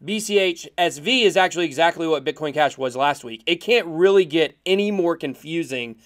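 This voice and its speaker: A man co-hosts a podcast in a casual, excitable way and laughs easily. His voice sits a little higher than most men's, and he explains topics at length. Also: a little fast. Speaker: podcast co-host. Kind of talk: casual chat.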